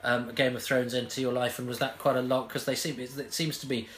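A man's voice: medium pitch, little pitch movement, fairly quick, fairly bright tone, slight background noise. A man hosting an interview podcast, asking long, enthusiastic and rambling questions. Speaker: podcast host. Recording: roomy echo.

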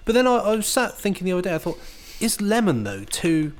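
A man co-hosting a podcast, joking and teasing his partner. His voice sits a little high and swings widely in pitch, and he stumbles and restarts as he chats. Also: sing-song, quick pace. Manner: playful, jokey, hesitant restarts. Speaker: podcast co-host. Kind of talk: casual chat.

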